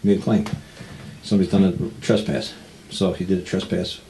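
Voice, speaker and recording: Deep-voiced man telling a story. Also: a little fast, a little hiss or hum, rough recording. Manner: animated, acts out dialogue, laughs often. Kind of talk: casual storytelling talk.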